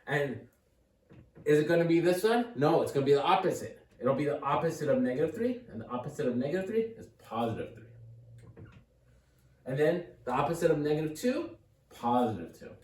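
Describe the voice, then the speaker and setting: Casual male tutor, upbeat and encouraging, a bit high, recorded from across an echoey room. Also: sing-song, a little fast, darkish tone. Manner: upbeat, encouraging, thinks aloud with restarts. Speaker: math tutor. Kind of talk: casual whiteboard math lesson. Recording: echoey room, mic at a distance.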